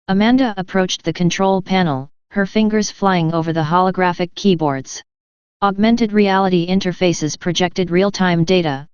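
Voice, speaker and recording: A woman narrating a first-person story in an even, measured reading style. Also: lowish voice, clear, resonant tone, dry recording. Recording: dull lo-fi sound.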